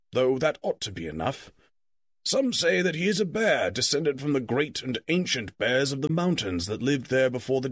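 A man's voice: mid-range voice, fairly bright tone, dry recording, clean studio sound. Gandalf, a man reading a testy old wizard. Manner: measured, lecturing, quick to scold. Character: old male wizard, stern, testy and grand. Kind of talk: audiobook character reading.

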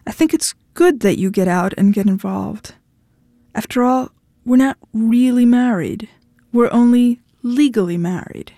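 A woman's voice: on the high side, unhurried, dark tone, dry recording, clean studio sound. A woman voicing a blunt, cold young woman who speaks sharply and defiantly, reading a story aloud. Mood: brisk.

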